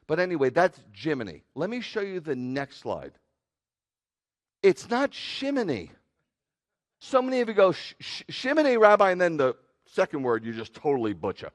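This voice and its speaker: Preaching to his congregation in a medium-pitched voice, a rabbi keeps things lively with jokes. His sermon shifts from loud outbursts to hushed asides.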